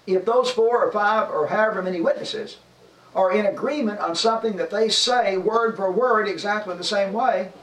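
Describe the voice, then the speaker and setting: A man's voice: high voice, slight background noise. A man teaching a Bible class, explaining his point with examples and rhetorical questions. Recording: roomy sound from far off with faint ambience.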